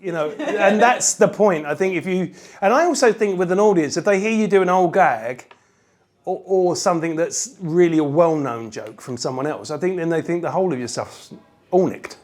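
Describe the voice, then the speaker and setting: A comedian chatting loosely and playfully in an interview. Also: male voice, high-pitched, animated, moderate pace, a little mellow. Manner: loose, joking, rambling, playful. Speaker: comedian guest. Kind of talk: casual interview chat.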